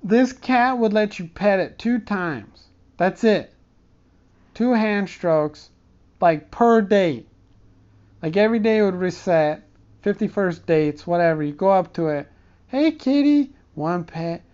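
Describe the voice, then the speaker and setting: Man in a dark room doing a loose comic monologue. Smooth voice, rambling and profane, slightly muffled audio. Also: high-pitched, slow pace. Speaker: comedic storyteller.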